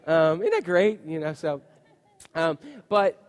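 A man preaching a chatty, animated sermon as a pastor, full of asides and "you know". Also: on the high side, unhurried. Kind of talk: conversational sermon. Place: church. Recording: long reverb of a church hall.

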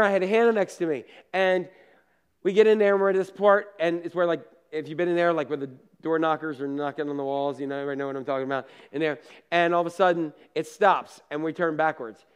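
A male pastor preaching casually, telling lively personal stories, acting out scenes and laughing at himself, with asides to the congregation. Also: on the high side, brisk, clean tone. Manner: animated storyteller, acts out scenes and laughs at himself.

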